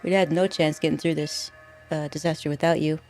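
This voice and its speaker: A woman's voice: low-pitched, steady tone, a little fast, darkish tone, soft background music. Chatty woman streaming a game. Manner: chatty, thinking aloud with fillers and laughs. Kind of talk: casual gameplay commentary.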